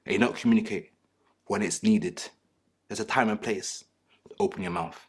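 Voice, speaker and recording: A man's voice: lowish voice, moderate pace, slightly rough. A man, a panelist talking in a crude, joking, slangy way about relationships. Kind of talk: casual panel talk.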